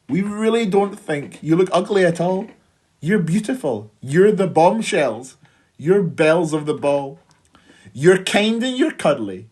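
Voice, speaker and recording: A woman's voice: low-pitched, dark tone, slightly rough, heavily acted. A woman voicing a group of baby animals tenderly telling their parents they love them, in rhyme.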